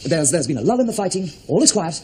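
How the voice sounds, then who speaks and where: An actor playing a fussy, theatrical amateur theatre director who stammers often, on an old TV soundtrack. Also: male voice, fairly high pitch, very animated, quick pace, darkish tone. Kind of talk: sitcom acting. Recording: noisy old TV audio.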